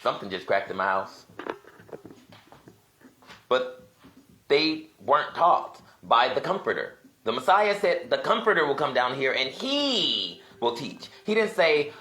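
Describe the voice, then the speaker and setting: A man gives a casual home teaching session, thinking aloud and rambling, and he turns emphatic as he goes. His voice is bright and forward. The room around him is echoey. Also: on the high side, very animated, measured pace. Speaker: self-styled religious teacher. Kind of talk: casual video teaching while browsing apps.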